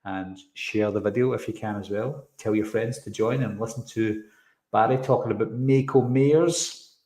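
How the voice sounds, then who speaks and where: A man with a fairly low voice hosts a casual live stream and talks loosely as he breaks down a trailer. He often drifts off topic and stops to answer viewers' comments. His voice rings with the echo of a roomy space. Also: fairly even intonation, moderate pace, dark tone. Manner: rambling, goes off on tangents, reads and answers chat comments. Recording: roomy echoey room sound.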